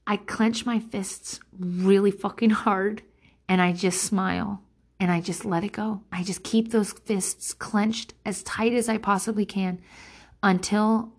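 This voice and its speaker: A woman's voice: mid-range voice, steady tone, slow pace. A woman in her thirties in a candid, rambling personal monologue, blunt and emotionally intense, swearing freely. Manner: rambling with many fillers and restarts. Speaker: vlogger.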